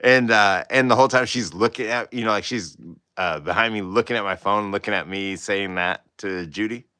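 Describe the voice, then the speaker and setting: Rambling male streamer, bright tone, dry close sound, laughs often. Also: lowish voice, moderate pace, clean tone, no echo. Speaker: artist hosting a livestream. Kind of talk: casual storytelling.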